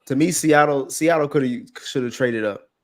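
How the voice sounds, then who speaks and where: A man's voice: medium pitch, moderate pace. A man co-hosting a casual sports talk show, cursing freely and laughing through banter about the draft. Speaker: sports podcast co-host.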